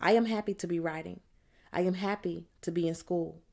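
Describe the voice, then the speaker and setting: A woman reads a novel aloud in the first person, keeping her delivery plain and measured. Her voice sits a little below most women's. She sounds steady and unhurried as she narrates. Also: on the low side, creaky. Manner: plain, measured storytelling in the voice of a teenage girl. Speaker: audiobook narrator.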